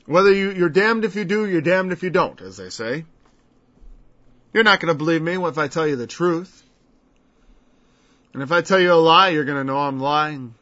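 Conversational preacher man, slightly high voice. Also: moderate pace, pauses often, a bit bright. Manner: conversational, acts out quoted speakers in changed voices. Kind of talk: verse-by-verse Bible teaching. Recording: dull lo-fi recording.

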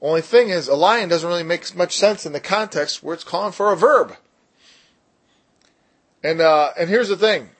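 A man teaching a casual Bible study, explaining in emphatic bursts and slowing down to stress key words, with jokey asides. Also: sits high. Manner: jokey, self-deprecating asides.

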